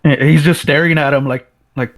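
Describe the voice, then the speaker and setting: A man's voice: on the high side, fairly even intonation, normal speed. Laid-back man who keeps saying "man". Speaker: co-host. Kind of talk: casual film discussion.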